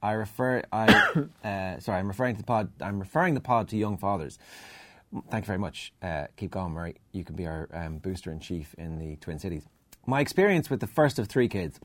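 A man's voice: low voice, expressive, fairly quick, a bit bright. A man hosting a podcast, reading out a listener email with dry asides. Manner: reads aloud with dry asides. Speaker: podcast host.

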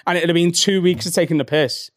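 A man's voice: a little high, dry recording. A man in his thirties with a Liverpool accent, a stand-up comedian chatting casually as a podcast guest and telling stories with lots of swearing. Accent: Liverpool (Scouse). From Liverpool, England. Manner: fast, sweary, animated storytelling. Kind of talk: casual chat.

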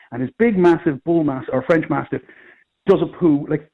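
A middle-aged Irish man, a comedian, telling rambling, animated anecdotes in casual chat. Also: a little high, husky, narrow, tinny audio. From Ireland. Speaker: comedian guest. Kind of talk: casual storytelling.

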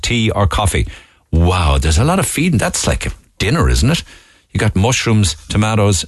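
A man's voice: on the low side, dry recording. A middle-aged Irish man from Cork hosting a talk radio show, chatting casually as he reads out listener messages and adds asides. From Ireland. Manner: chatty, conversational, reading lists with asides. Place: radio studio.

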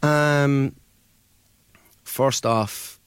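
An Irish DJ and producer, a guest in a radio studio, chats easily in a casual interview, telling stories full of "ums" and "mates." His mid-range voice is steady, clean and extremely slow, and the recording is dry.

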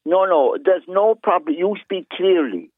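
A man's voice: sits high, expressive, measured pace, no room sound. Earnest Cork man on a tinny phone line. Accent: Cork Irish. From Cork, Ireland. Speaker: caller. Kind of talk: radio phone-in chat.

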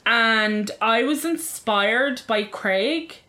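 A woman co-hosting a casual podcast, with a bright, ringing voice pitched a bit high. She laughs often and swears freely as she chats. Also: lively intonation, extremely slow. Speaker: podcast co-host.

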